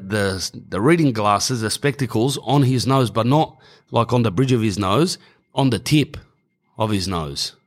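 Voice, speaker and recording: An Australian man telling a rambling, slangy comic story, often correcting himself mid-sentence. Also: on the low side. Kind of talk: comedic storytelling monologue.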